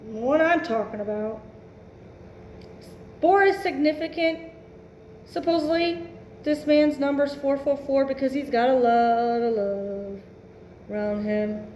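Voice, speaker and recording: A woman's voice: high-pitched, a little mellow, reverberant, a little hiss or hum. A woman giving a casual tarot reading, blunt and emphatic, swearing freely and musing aloud. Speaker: tarot reader.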